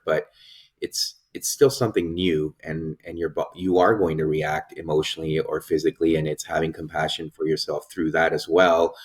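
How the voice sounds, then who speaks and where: A man hosting a podcast, talking in a reflective, casual way and thinking aloud about his own experience. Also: low-pitched. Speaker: podcast host.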